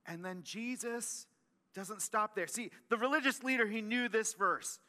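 A male pastor preaching a sermon, animated and emphatic, often repeating and restarting his phrases. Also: high-pitched, a little slow, long reverb tail.

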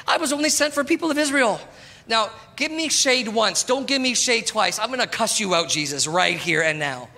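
High, bright-voiced preaching man. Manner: animated, talks to the congregation, calls out "come on". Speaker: pastor. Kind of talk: sermon. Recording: long hall reverb.

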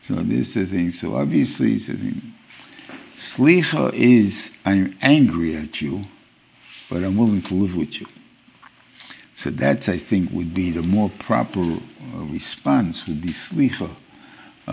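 A man giving an informal Torah lecture as a rabbi, halting and restarting as he searches for words. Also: low-pitched, vocal fry, darkish tone, husky. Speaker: rabbi teaching a weekly Torah class.

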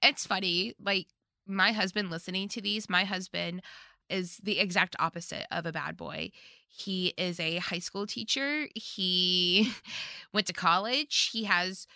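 A woman's voice: on the low side, a little slow, creaky, sharp tone, dry recording, studio quality. A woman co-hosting a podcast, casually recapping a movie, giggly and gushing with frequent swearing. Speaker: podcast co-host.

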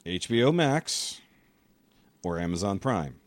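Low-voiced blunt podcast host. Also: male voice, very animated, a little slow, dry recording. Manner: profane, blunt. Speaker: podcast host reading questions. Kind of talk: casual podcast chat.

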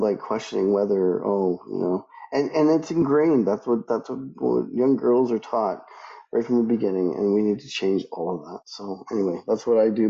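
Middle-aged male interviewee, gravelly and warm, emphatic with frequent restarts, dull lo-fi sound. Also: on the low side. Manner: emphatic, many restarts, voice rises when quoting others. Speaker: guest, aviation professional. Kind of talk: conversational interview answers.

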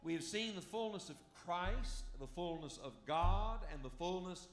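A male pastor preaching a sermon emphatically, asking the congregation questions and reading scripture aloud slowly. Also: sits high, animated.

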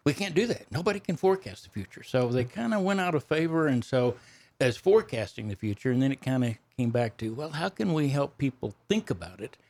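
An older man from the Texas Panhandle with a Texas accent, answering in a relaxed, folksy interview style. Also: medium pitch, fairly quick. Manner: folksy, self-deprecating storyteller. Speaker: guest, economist and speaker.

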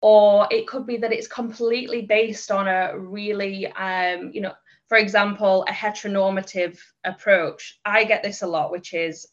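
Woman, guest trainer, candid reflective chat, mid-pitched voice, dull podcast sound. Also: steady tone, moderate pace. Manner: candid and reflective, frequent small laughs. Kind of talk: casual podcast conversation.

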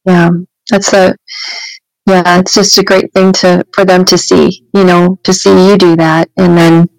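A woman's voice: on the low side, flat delivery, unhurried, creaky, no echo, low-quality recording. A woman co-hosting a casual podcast chat, telling everyday stories with frequent restarts and "you know".

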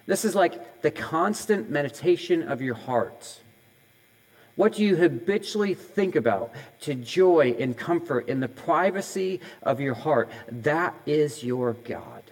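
A middle-aged male pastor preaches a sermon in a conversational way, firing off question after question at the listeners. His voice sits a little higher than most men's, and he laughs off his own slips of the tongue. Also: expressive, a little slow, poor audio. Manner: conversational, asks many questions in a row.

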